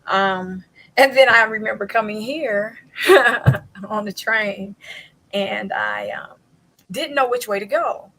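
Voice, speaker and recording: A woman hosting a podcast in casual interview chat, chatty and quick to laugh, acting out little quotes as she tells stories. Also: mid-range voice, sing-song, a bit bright, low-quality recording. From southern United States. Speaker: podcast host.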